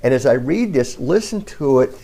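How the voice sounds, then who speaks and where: Self-help speaker, middle-aged man, gravelly voice with an animated, sing-song delivery, earnest storyteller. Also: mid-range voice, normal speed. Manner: calm, earnest storytelling with lively ups and downs. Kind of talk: talking to camera, telling a story.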